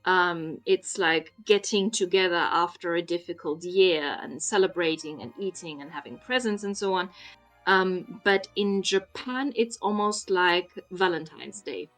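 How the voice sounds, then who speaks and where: A woman's voice: fairly low pitch, a little slow, a bit bright, soft background music. A woman in casual conversation, explaining things patiently like a teacher, with frequent ums. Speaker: guest explaining Japanese Christmas. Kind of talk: casual chat.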